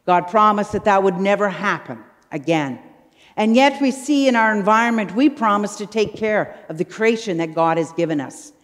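Woman preacher with an animated pitch. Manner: storytelling with dramatic pauses. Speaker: minister. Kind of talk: children's story sermon. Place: church sanctuary. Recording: long church reverb.

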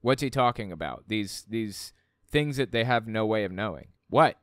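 A man with a smooth, resonant voice talks through a book in casual commentary, sounding incredulous and exasperated as he questions what he reads. The recording is close and dry, with no room sound. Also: on the low side, expressive, moderate pace, fairly bright tone, no room sound. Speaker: host reading a book aloud with commentary.

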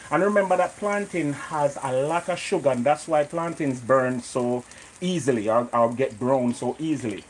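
This cooking show host, a man with a Jamaican accent, streams live from a home kitchen, chatting away and welcoming viewers by name. His voice sits in the mid-range, with a slight hiss or hum in the audio.

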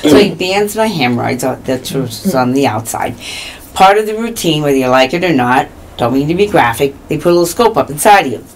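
A woman in her fifties from Iowa, guest on a community TV talk show, telling her story in a lively way with acted-out quotes. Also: deep voice, a little fast, slight background noise. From Iowa, US Midwest. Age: 50s. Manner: animated, acts out quoted dialogue. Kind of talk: casual interview storytelling.

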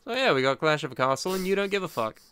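A man's voice: a little high, lively intonation, rapid-fire, bright, forceful tone, clear, resonant tone. A man co-hosting a podcast, swearing and joking bluntly in casual banter. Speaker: podcast co-host.

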